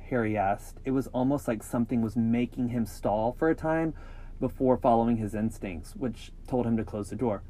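A man's voice: mid-range voice, brisk. Jokey man reading scary tales with laughs. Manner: jokey, animated, breaks into laughter and cheeky asides. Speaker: podcast co-host. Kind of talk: reading scary stories with chatty asides.

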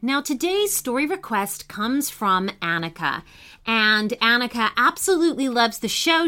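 Woman host, kids' storybook narration; bright, slow, sing-song delivery. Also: fairly high pitch. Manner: warm, expressive reading aloud to kids.

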